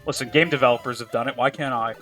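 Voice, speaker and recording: A man's voice: medium pitch, fairly even intonation, rapid-fire, pushed and bright, faint music behind. A man streaming a game live, chatting casually in a profane, joking, rambling way. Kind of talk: casual chat while playing a game live.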